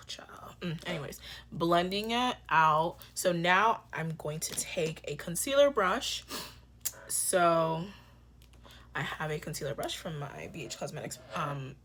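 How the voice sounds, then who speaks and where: A young woman talks her viewers through a makeup routine in a relaxed, joking way, calling them y'all and slipping into soft whispers at times. Her voice sits low but swings widely in pitch. A faint hiss of room ambience sits behind her. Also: slow pace. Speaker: beauty vlogger. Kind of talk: casual makeup tutorial chat.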